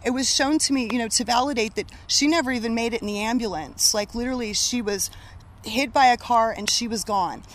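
A woman working as a medium, telling stories in an animated, casual conversation with frequent laughter. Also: on the high side, fairly quick.

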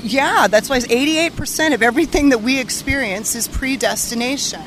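A woman working as a medium, telling stories in an animated, casual conversation with frequent laughter. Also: high-pitched, a little fast, slight background noise.

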